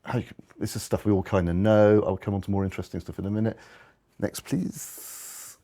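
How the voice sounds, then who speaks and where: A man's voice: on the low side, flat delivery, rapid-fire, mellow. A man giving a conversational slide talk to an audience, often restarting and correcting himself. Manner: rambling, restarts, self-corrections.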